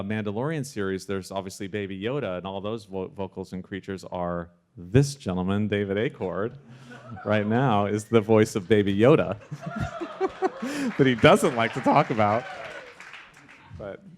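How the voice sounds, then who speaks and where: A man, a sound supervisor, telling a story in a casual interview with animated delivery and frequent restarts. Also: fairly low pitch, normal speed, a faint crowd.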